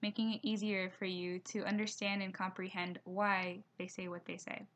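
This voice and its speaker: A young woman with a voice of middle pitch narrates a recorded slideshow lesson. She reads each slide aloud at a steady pace. She slows down to spell out pronunciation points. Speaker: teacher.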